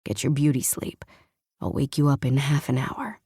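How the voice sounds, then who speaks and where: A woman voicing a possessive, teasing husband who gives hushed, half-whispered commands. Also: very deep voice, lively intonation, slow, dry recording, clean studio sound, full character voice.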